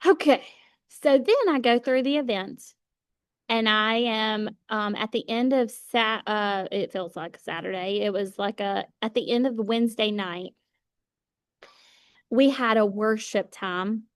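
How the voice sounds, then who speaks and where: Emphatic woman, fairly high voice. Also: measured pace, clear, resonant tone, no room sound, clean studio sound. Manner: emphatic, repeats phrases, Southern "y'all". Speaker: sales director speaking to her team. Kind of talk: motivational team talk.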